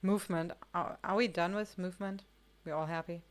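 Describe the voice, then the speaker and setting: A woman's voice: lowish voice, fairly even intonation, fairly quick. A woman hosting a casual gaming podcast, who steers the talk and laughs often.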